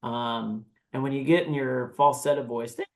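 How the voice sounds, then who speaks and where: A man on a podcast breaking down screaming techniques in a casual, animated way, now and then demonstrating growls and screams. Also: mid-range voice, normal speed. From United States. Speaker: guest vocalist. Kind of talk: podcast interview, explaining vocal technique.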